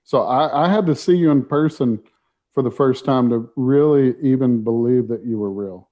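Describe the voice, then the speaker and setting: A man co-hosting a podcast, introducing a guest in a chatty, halting way with fillers. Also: mid-range voice. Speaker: podcast co-host. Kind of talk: casual chat, introducing a guest. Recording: dull lo-fi audio.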